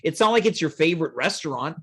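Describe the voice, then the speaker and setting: A man hosting a comedic chat show, teasing his guest with deadpan jokes and mock-earnest advice. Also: on the high side, quick pace, husky. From Canada. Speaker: host.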